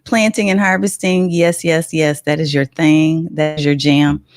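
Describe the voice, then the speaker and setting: A middle-aged woman hosts a casual livestream in a low voice. She tells animated stories, laughs often and greets viewers in the chat. The sound is close and dry. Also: unhurried, no echo. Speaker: livestream host.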